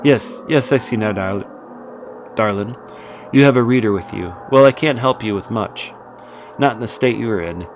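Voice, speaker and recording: A man voicing a sultry, flirtatious woman in a horror game, with a soft, silky voice and a slight put-on Southern drawl. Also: mid-range voice, vocal fry, close to an everyday voice. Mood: brisk. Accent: light put-on Southern drawl. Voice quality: soft, silky, drawn-out "darling". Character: sultry, teasing woman, flirtatious then businesslike. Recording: noisy background.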